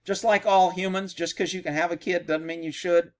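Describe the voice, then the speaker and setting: A man's voice: sits high, little pitch movement, brisk. A man, a horse trainer, giving blunt, sarcastic reaction commentary over a video.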